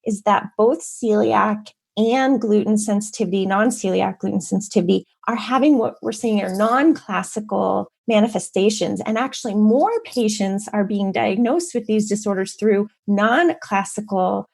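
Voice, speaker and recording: A woman speaking as an author guest on a podcast interview, explaining things in a steady, informative way. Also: mid-range voice, normal speed, gravelly, few pauses, husky.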